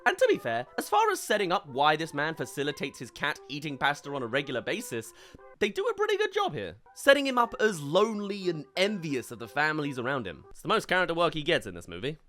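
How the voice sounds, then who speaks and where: A man's voice: on the high side, huge pitch swings, fast talker, music in the background. A young man giving a comedic, sarcastic film review commentary. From United Kingdom. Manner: sarcastic and wry.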